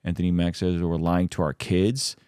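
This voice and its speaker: Male podcast host, casual commentary, excitable with sudden high reactions, dry close sound. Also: moderate pace, clear, resonant tone, no echo. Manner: animated, excitable, voice jumps high when reacting.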